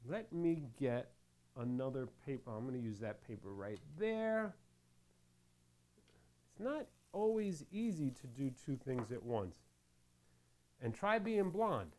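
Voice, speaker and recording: A man's voice: a little high, a bit bright. A middle-aged man hosting a crafting tutorial, chatting casually and rambling into jokes while he works with his hands. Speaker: crafting channel host.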